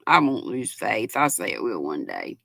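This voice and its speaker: An older woman, hosting a casual livestream, reading out viewers' comments and greeting them warmly as honey and sweetheart, her voice cracking now and then. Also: extremely low pitch, wildly swooping pitch, moderate pace, creaky, breathy edge, dry recording. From North Carolina. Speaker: livestream host.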